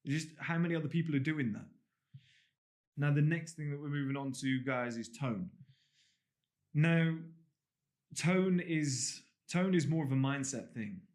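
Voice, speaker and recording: A man's voice: fairly high pitch, unhurried, pauses often, darkish tone. Casual man teaching to camera. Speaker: online course instructor. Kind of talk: casual spoken lesson to camera. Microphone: talking to camera.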